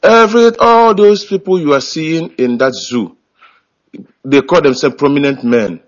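A man's voice: fairly high pitch, measured pace, highs cut off. A man calling in to a radio show over an internet call, talking earnestly with many hesitations and restarts. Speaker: caller.

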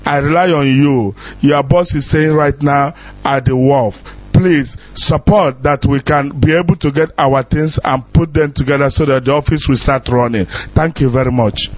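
A man's voice: mid-range voice, steady tone, normal speed. A man making an impassioned, pleading appeal on a radio broadcast, repeating himself for emphasis. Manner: pleading, repetitive. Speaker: radio caller from the diaspora. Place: radio studio. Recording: muffled lo-fi radio audio.

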